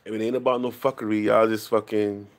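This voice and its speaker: A man's voice: lowish voice, flat delivery, fast talker. A man ranting profanely to his chat on a late-night livestream. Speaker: live streamer. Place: home, at night.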